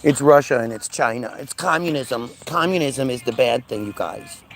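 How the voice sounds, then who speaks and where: A man's voice: mid-range voice, moderate pace, fairly bright tone, soft background music. A man ranting angrily in a commentary video, profane and sarcastic, and at times mocking others in put-on voices.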